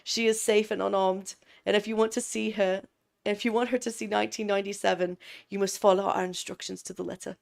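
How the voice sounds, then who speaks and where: A woman's voice: mid-range voice, little pitch movement, fairly quick, creaky, close to an everyday voice. A woman voicing a menacing kidnapper, reading a ransom note in a hesitant put-on accent. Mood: threatening.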